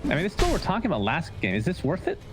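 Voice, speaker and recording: Male esports caster, animated pitch, quick jokey delivery, loud music underneath. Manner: quick, joking, lively delivery. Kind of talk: live play-by-play commentary.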